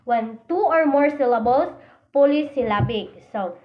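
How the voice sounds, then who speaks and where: A woman's voice: high-pitched, lively intonation, a little slow, slight background noise. A woman with a Cebuano accent giving a classroom lecture. She reads out definitions, starts many sentences with "so", and switches into Cebuano. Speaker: presenter of a phonology lesson. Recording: dull lo-fi recording.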